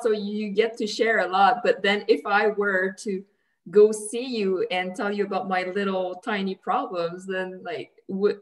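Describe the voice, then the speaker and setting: A woman's voice: medium pitch, rough recording. A woman hosting a podcast interview, asking curious, probing follow-up questions. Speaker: podcast host. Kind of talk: casual chat.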